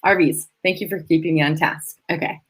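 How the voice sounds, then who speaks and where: A woman's voice: low-pitched, steady tone, fairly quick, breathy edge, rough recording. A woman hosting a casual live stream from a hotel room, emotional and effusive as she thanks her viewers. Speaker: livestream host.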